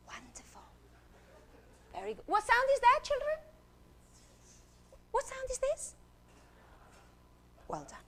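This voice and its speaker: A woman speaker teaches phonics from a stage, playful and theatrical as she leads the audience through each sound. Her voice sits high and swoops up and down constantly. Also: huge pitch swings, takes it slowly, long pauses, a bit bright, a little hiss or hum. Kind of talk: animated talk with classroom demonstration.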